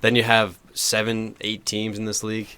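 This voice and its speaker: A man's voice: lowish voice, monotone, normal speed, pushed and bright, clear, resonant tone. A man co-hosting a casual soccer podcast, rambling and restarting his sentences, with a slangy way of talking. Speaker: podcast co-host. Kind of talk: casual sports chat.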